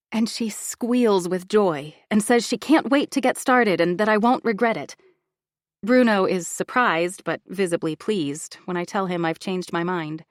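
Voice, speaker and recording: A woman's voice: on the low side, a little slow, no room sound, clean studio sound. Woman narrating a first-person audiobook. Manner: expressive, confiding inner-monologue reading.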